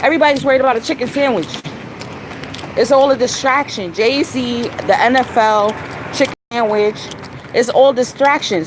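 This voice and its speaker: A woman's voice: high-pitched, a little hiss or hum. Emphatic woman talking to her viewers. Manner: emphatic, repetitive, addresses viewers directly. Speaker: livestream host. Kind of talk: casual spiritual livestream talk.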